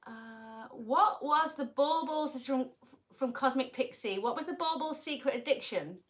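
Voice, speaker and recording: A woman's voice: sits high, moderate pace. A woman hosting a livestream in casual chat, playful and joking, often laughing. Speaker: livestream host.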